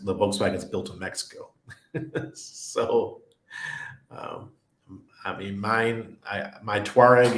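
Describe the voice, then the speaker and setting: Male streamer, middle-aged, low voice, rambly and laughing, echoey room. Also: fairly bright tone. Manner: rambling anecdotes, laughs often. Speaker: crypto livestream host. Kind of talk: casual livestream chat, reading viewer comments. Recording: roomy echo.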